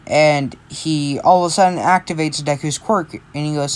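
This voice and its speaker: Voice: mid-range voice, steady tone, moderate pace, a little hiss or hum. A tired amateur storyteller improvising a fan story, rambling and correcting themselves as they go. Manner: rambling, self-correcting, unscripted.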